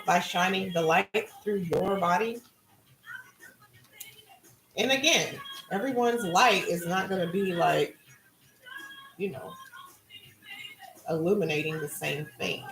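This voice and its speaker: Middle-aged woman, gravelly voice, casual spiritual talk, card-reading host, echoey room. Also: mid-range voice. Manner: relaxed, musing, conversational.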